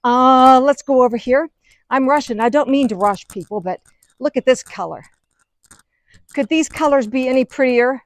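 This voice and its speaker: A middle-aged woman hosting a gardening vlog, chatting excitedly as she walks through her outdoor garden. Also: high-pitched, normal speed, no room sound. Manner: chatty, excitable, gushing over plants. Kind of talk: casual garden walk-through.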